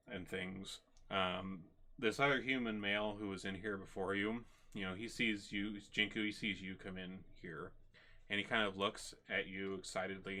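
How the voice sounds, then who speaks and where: A man narrating a tabletop game as game master, in a halting way with many ums and restarts. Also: deep voice, bright, forceful tone.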